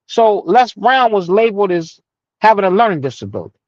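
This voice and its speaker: A man's voice: sing-song, fairly quick, no echo. Fiery man preaching resilience, lo-fi. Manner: fiery, preacherly, swings from low murmurs to loud rising emphasis, profane. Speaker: community meeting host. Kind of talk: impassioned motivational speech. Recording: dull lo-fi audio.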